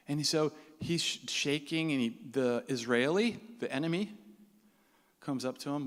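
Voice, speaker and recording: A man's voice: on the high side, animated, moderate pace. A man telling a story to a live audience in a conversational way, acting out the lines of the people in it. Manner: conversational, acts out quoted dialogue. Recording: reverberant hall sound.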